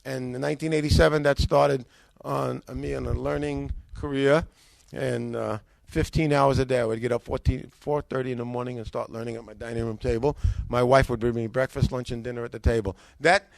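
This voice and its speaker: An older man telling his own life story in a lively way, acting out the dialogue and often restarting his sentences. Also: medium pitch, a little fast, creaky, no echo. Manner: acts out quoted dialogue, excitable, restarts often. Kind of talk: animated personal storytelling.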